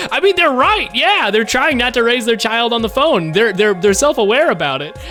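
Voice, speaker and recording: High-voiced young man streaming games. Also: soft background music. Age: 20s. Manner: animated, rambling, quick to rant. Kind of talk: casual livestream commentary while gaming.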